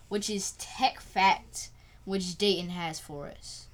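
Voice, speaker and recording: A woman's voice: mid-range voice, slow pace. A woman co-hosting a podcast who reads out segments and sponsor lines and laughs often between them. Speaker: podcast co-host. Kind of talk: scripted podcast segments with playful banter.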